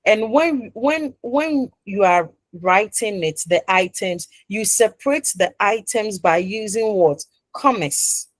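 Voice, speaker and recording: A university lecturer speaks to her class in a mid-pitched voice, animated and slow yet with hardly any pauses. She repeats and rephrases each point, checking the class follows, and leaves sentences hanging with "what?" for students to finish. The sound is close and dry, with no room echo.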